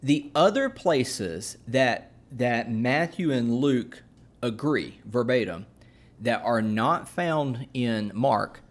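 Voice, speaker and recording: A man's voice: medium pitch, animated. A man in casual conversation, explaining at an easy pace with frequent fillers and restarts, like a co-host teaching on a talk show. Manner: unhurried, with many fillers and restarts. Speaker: podcast co-host explaining scripture.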